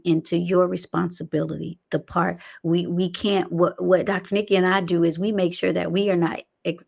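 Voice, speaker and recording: A woman hosting a faith-based livestream, reflective and exhorting, pausing with ums. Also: on the low side, creaky, darkish tone. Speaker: livestream host.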